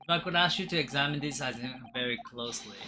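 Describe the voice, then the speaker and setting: A gaming streamer with a rumbling low voice talks fast while playing a courtroom game, reading its dialogue aloud and stopping to laugh and crack jokes. She's playful and animated, laughing often, and there's slight background noise.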